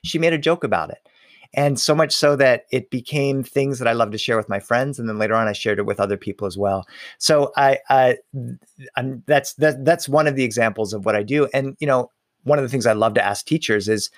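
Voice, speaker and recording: A middle-aged man and storyteller speaking in a lively, conversational way, slowing down to linger on details. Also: mid-range voice, no room sound, clean studio sound. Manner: animated, slows down on details, many restarts. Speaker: storyteller and author.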